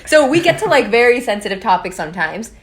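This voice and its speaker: A young adult woman, a podcast guest, telling animated stories in casual chat, full of laughs and fillers. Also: a little high, quick pace, a little hiss or hum. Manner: animated storyteller, laughs often, filler-heavy.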